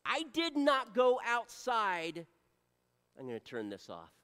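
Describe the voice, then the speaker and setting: A man preaching a sermon in a church. His voice is high and swings widely, and his delivery is slow and deliberate. His words ring out with a long hall reverb. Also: wildly swooping pitch, clear, resonant tone. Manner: earnest preaching, swings from loud appeals to soft near-whispers. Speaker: pastor.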